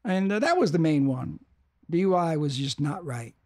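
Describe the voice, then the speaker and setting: A man's voice: on the high side, expressive, moderate pace, dark tone, no echo, clean studio sound. An older man talking as a podcast guest, rambling, restarting and repeating for emphasis. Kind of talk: casual interview talk.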